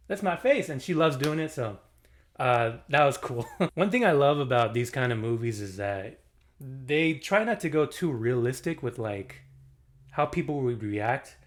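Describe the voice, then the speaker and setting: A man giving a casual movie review, animated and slangy, laughing often as he talks. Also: medium pitch.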